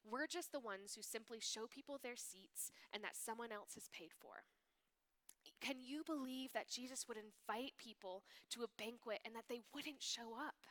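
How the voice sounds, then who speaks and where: A woman speaking at a youth ministry, giving a sermon reading with expressive delivery and hushed, whispered asides. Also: on the high side, moderate pace.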